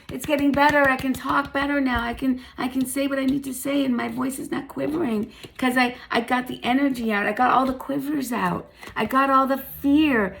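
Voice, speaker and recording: A woman's voice: a little fast, gravelly, hardly any pauses, slight background noise. A woman giving a casual spiritual tarot reading, chatty and emphatic, laughing often and swearing now and then. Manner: laughs often, lively pitch swings.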